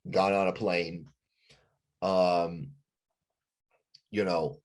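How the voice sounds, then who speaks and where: A rock frontman with a lowish voice recounts a band blowup in a podcast chat. He swears constantly and slips into the voices of the people he quotes. His delivery stays animated and unfiltered. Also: very slow. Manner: profane, animated storytelling, acts out quotes. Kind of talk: casual podcast storytelling.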